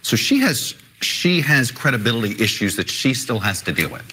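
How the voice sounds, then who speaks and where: A man giving television news commentary in a measured, critical way, with some hesitation, played from a broadcast clip. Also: medium pitch, very animated, sharp tone, a little hiss or hum.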